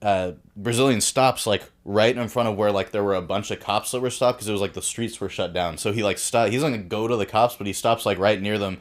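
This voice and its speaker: A relaxed man with a fairly low voice spins a long story for friends on a casual podcast. He swears freely and chuckles as he goes. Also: fairly quick, hardly any pauses. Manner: laid-back, profane, laughs while telling a story. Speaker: podcast co-host.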